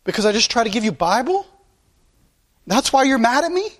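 A man's voice: very high-pitched, big pitch swings, brisk, fairly bright tone. A male pastor preaching a sermon in a blunt, impassioned way, repeating his points.

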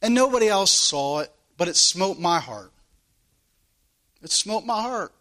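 A man's voice: sits high, lively intonation, measured pace, sharp tone. A male preacher delivering a sermon in an earnest manner, weaving in a personal story and asking his listeners rhetorical questions.

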